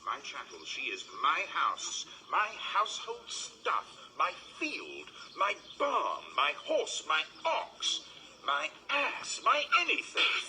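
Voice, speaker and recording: Brief: a domineering stage bridegroom, wildly swinging delivery, very bright tone. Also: male voice, mid-range voice, slight background noise, exaggerated voice, rough recording. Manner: declaiming Shakespearean verse theatrically. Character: Petruchio, a swaggering domineering bridegroom. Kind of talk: stage play recording.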